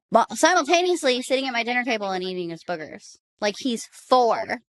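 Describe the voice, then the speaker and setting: A woman in her thirties co-hosting a podcast in casual chat, animated and blunt, laughing often. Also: fairly high pitch, fairly quick, hardly any pauses. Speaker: podcast co-host.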